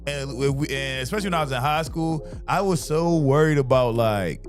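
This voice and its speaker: A man's voice: medium pitch, brisk, over music. A man in his thirties, a comedian hosting a podcast, telling stories in casual chat with lots of swearing and laughter. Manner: profane, laughing, animated storyteller.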